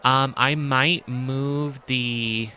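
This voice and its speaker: Man, let's-play host, slow thinking-aloud commentary with hesitant ums, bright tone. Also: medium pitch, fairly even intonation, a little hiss or hum. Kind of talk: casual gameplay commentary.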